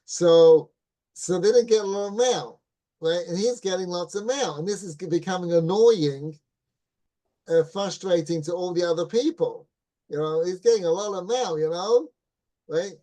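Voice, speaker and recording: Mellow-voiced man teaching a Torah class. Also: high voice, moderate pace. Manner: keeps checking in with listeners, asking "right?"; relaxed anecdotal teaching with restarts. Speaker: rabbi.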